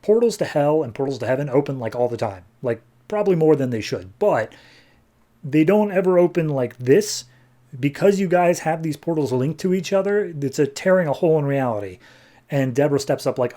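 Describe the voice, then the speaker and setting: A man's voice: medium pitch, fast, dark tone. A man on a podcast, casually recapping a comic book and acting out the characters' lines. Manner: laid-back, chatty. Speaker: podcast co-host.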